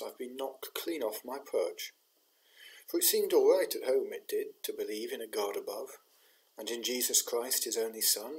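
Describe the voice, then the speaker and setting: A man's voice: medium pitch, close to an everyday voice, rough recording. A man reading a poem in the voice of a disillusioned young soldier in the trenches, reciting earnestly with a grieving tone. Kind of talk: poetry reading.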